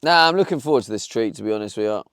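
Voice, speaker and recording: A man's voice: lowish voice, expressive, rapid-fire, a bit bright, clean tone, no room sound, clean studio sound. A young man streaming live from his van, chatting casually and bantering with his viewers. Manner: chatty, swears, talks back to chat.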